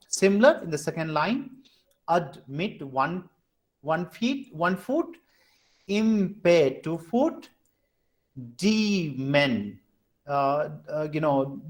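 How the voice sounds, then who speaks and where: A man with an Indian English accent teaching an online class over a video call, patiently repeating and counting things out step by step. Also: high voice.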